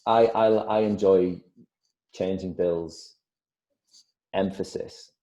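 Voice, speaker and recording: Deep-voiced man with a northeast English accent. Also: steady tone, slow, dark tone, highs cut off. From northeast England. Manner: thoughtful, rambling with restarts and acted-out quotes. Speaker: actor, interview guest. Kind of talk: casual interview chat.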